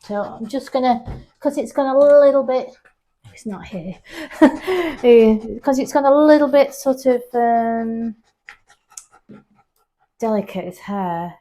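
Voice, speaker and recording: A woman's voice: takes it slowly, long pauses, warm tone. Chatty woman grooming a dog. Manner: chatty, explanatory, talks to the dog in a high coaxing voice. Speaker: pet groomer. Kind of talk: casual vlog narration while grooming. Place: grooming salon, indoors.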